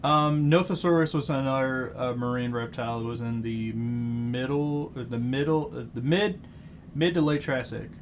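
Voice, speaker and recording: A man co-hosting a casual podcast chat, excitable and tripping over hard names. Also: medium pitch, moderate pace, slight background noise. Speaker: podcast host.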